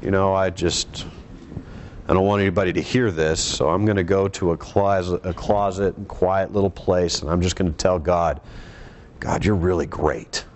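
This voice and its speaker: A man voicing a healed man who quietly mutters his thanks, low and hushed. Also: fairly even intonation, normal speed, a little hiss or hum, lightly acted.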